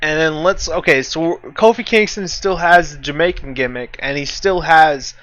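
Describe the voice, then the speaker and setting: A man's voice: fairly high pitch, normal speed, a bit bright, no echo. Man, casual gaming chat, rambling, many uhs, dry close sound. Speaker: co-host playing a wrestling management game.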